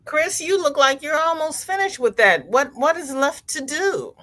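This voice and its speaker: A woman hosts a crochet livestream, chatting casually at normal speed in a high-pitched voice. She's expressive, laughs often, and reads viewers' comments aloud.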